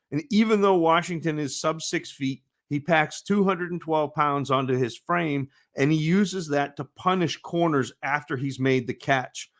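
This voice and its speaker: Higher-voiced man reading scouting notes. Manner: measured, scripted evaluation. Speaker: podcast co-host, draft analyst.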